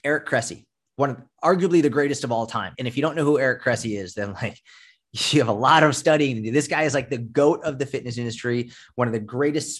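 A man speaking as a fitness coach guest in a casual podcast interview, blunt and emphatic, with frequent swearing. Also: mid-range voice.

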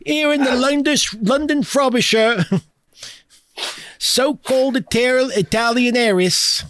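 A high, brassy Cockney newsboy hollers the day's paper in a sing-song street cry, as a man puts him on. The voice sits well above the speaker's own and comes through close and dry. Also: slow, fairly bright tone, no echo, full character voice. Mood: hawking. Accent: put-on Cockney. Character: shouting male Victorian newsboy hawking a paper.

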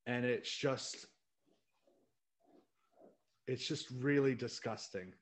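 A man's voice: mid-range voice, takes it slowly. Blunt, opinionated American man ranting. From United States. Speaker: podcast co-host. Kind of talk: casual chat.

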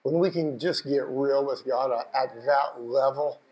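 A male preacher delivering an emotional sermon, moving from hushed reflection to fervent, raised exhortation. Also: medium pitch, unhurried, low-quality recording. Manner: passionate, building from hushed to shouting.

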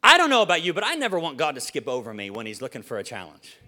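On a church stage, a man with a highish, sharp voice preaches a casual, joking sermon at a very fast clip, his pitch swinging hugely. He stays chatty and playful, stammering as he restarts and quizzing the congregation.

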